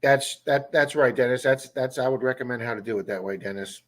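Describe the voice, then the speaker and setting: A man's voice: mid-range voice, brisk, a bit bright. A man with a Baltimore accent hosting a casual livestream, chatting and answering viewers' comments by name. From Baltimore area, USA. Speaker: livestream host.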